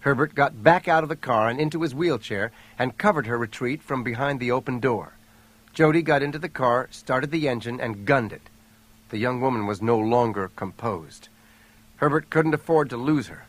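A man narrating an audiobook thriller in a steady, even storytelling voice. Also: medium pitch, moderate pace. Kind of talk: scripted narration.

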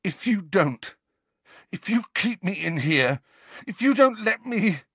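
Male narrator playing a raging, grief-stricken teen wizard; high shouting voice. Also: big pitch swings, a little fast, dry recording, exaggerated voice. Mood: furious. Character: furious grieving teenage boy wizard.

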